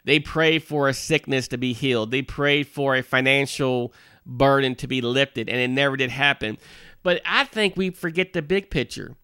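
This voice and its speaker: A man's voice: mid-range voice, normal speed, sharp tone, clean tone, dry recording, clean studio sound. A man who is a minister, giving a folksy devotional talk to parents in a conversational way, with frequent asides and restarts.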